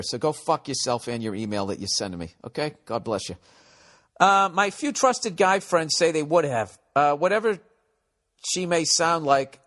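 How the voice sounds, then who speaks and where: Middle-aged man, podcast host, blunt and profane, rambling comic advice, slightly high voice. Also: a bit bright. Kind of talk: casual comedic advice monologue.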